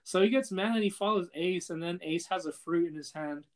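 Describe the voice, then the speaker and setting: A man's voice: high voice, a little fast. Profane young man retelling a story. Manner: loose and profane, heavy on filler "like" and "he's like". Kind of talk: casual chat, retelling a story to a friend.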